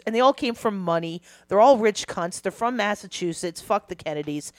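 A young woman comedian ranting with profanity in casual podcast banter, animated and blunt. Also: mid-range voice, a little fast, few pauses. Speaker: comedian guest.

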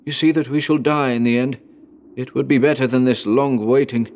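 A man plays a hopeless young exile trapped with his dying father, his voice raised and tense with strain, pleading and grim. A storybook horror reading where his pitch jumps clearly above the narrator's low voice. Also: steady tone, moderate pace, a little mellow, a little hiss or hum, close to an everyday voice. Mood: desperate. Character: desperate young adult son, grim, hopeless.

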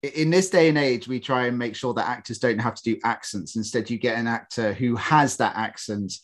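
A man's voice: medium pitch, fairly quick. A man co-hosting a podcast, chatting casually about a film and laughing often, with sarcastic jokes. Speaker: podcast co-host. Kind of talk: casual film review chat.

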